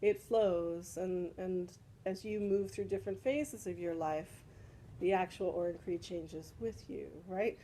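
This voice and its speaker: A woman explains ideas to a small group in a relaxed teaching talk. She keeps checking that everyone follows with a quick "right?". A faint noise sits under the recording. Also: lowish voice, poor audio. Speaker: spiritual teacher leading a salon. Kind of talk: casual group discussion teaching.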